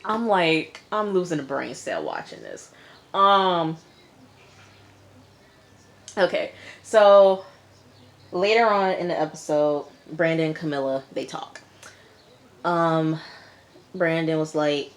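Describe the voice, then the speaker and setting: A woman's voice: sits low, animated, takes it slowly, pauses often. A young woman recapping a reality show in a casual vlog, chatty and full of "like", acting out the people she retells. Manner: chatty, mimics people in retelling, says "like" a lot. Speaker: YouTuber reviewing a reality show.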